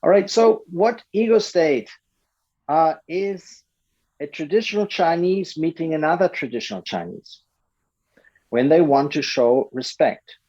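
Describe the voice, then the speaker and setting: A man coaching a group in a lively way, acting out short quoted lines as he explains. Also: a little high, unhurried, lo-fi sound.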